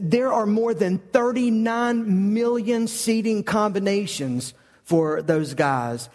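A man with a high voice preaches a sermon in a large church hall. He tells the story with animated energy and trips over quick repeated words. Long reverb from the hall trails after his words. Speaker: pastor.

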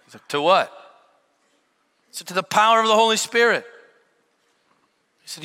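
Animated preacher man in a reverberant hall. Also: high voice, moderate pace, long pauses. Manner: animated storytelling with shouted peaks and dropped asides. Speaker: pastor. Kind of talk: sermon.

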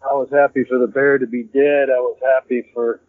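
A man, a hunter and podcast guest, telling a story in a rambling, animated way and repeating "I said" as he acts out the dialogue. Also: mid-range voice, a little fast, no echo. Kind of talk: casual storytelling. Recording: tinny phone-like, dry.

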